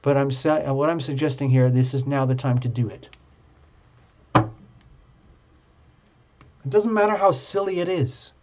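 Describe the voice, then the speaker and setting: A man hosting a live tarot reading, chatty and playful, reading the card texts aloud slowly. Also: medium pitch. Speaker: tarot reader.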